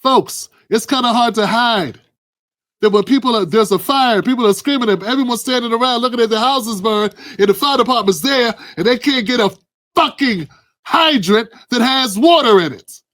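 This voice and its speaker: A man's voice: very high-pitched, moderate pace, a bit bright. A man hosting heated political commentary, blunt and emphatic with profanity.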